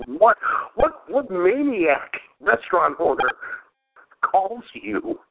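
A man's voice: sits high, big pitch swings, drawn-out words, creaky, a little hiss or hum. A man hosting a podcast in casual chat, rambling and crude, laughing often. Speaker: podcast host. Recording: phone-like lo-fi sound.

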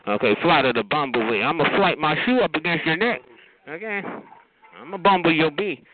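A man's voice: fairly high pitch, lively intonation, fairly quick, crowd noise. A man in a sassy, profane comedic rant, scolding listeners and calling them honey and child. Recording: tinny phone-like radio audio.

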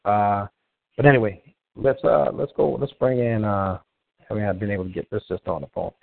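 A man's voice: fairly low pitch, steady tone, brisk, gravelly. A man hosting a live call-in show in a casual, rambling way, often restarting as he tries to reach callers. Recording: tinny phone-line sound, dry.

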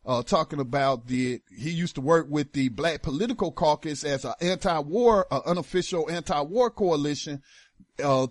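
A man's voice: on the high side, no room sound, studio quality. A man hosting a talk radio show, giving emphatic political commentary in casual with slang.

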